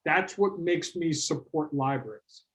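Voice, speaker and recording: Man, middle-aged, workshop presenter, conversational, storytelling, slightly high voice. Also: measured pace. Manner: animated storytelling, acts out quoted clients.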